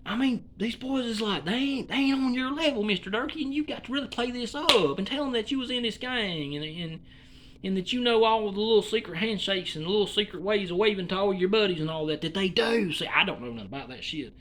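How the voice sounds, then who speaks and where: High, lively Southern man from Alabama. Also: fairly quick. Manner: folksy, profane, meandering. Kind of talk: rambling comedic monologue.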